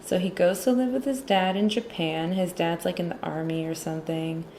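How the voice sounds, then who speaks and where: A little hiss or hum sits under this recording of a woman drawing while she talks about a movie. Her voice is fairly low, steady and darkish at a moderate pace, and as an illustrator and film commentator she keeps the chat casual and sarcastic, leaning heavily on "like."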